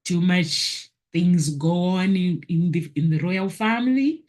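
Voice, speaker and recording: Slowly and in a lowish, darkish voice, a woman vlogger shares her personal spiritual testimony. She's a motivational vlogger whose earnest, preachy delivery keeps circling back to repeated phrases for emphasis.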